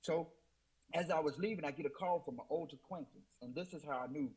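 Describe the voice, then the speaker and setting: A male guest with a fairly quick, higher-pitched voice, a little mellow and breathy, tells his faith testimony over poor audio. Emotional and repetitive, he uses Southern US Black church speech and often quotes himself with "I said."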